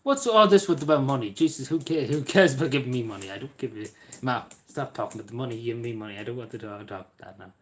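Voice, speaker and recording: A man's voice: medium pitch, fast, hardly any pauses. A man with an Irish border accent from Cavan, rambling and swearing as he chats with viewers while hosting a livestream. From Ireland. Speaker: livestream host. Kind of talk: casual livestream chat reading the chat.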